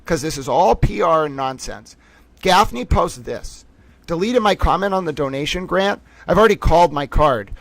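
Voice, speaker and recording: Male stream host, heated commentary, raised pitch, dry close sound. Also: expressive, moderate pace, creaky, dry recording. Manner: heated, indignant, swings from shouting to quiet; reads posts aloud. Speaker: livestream host.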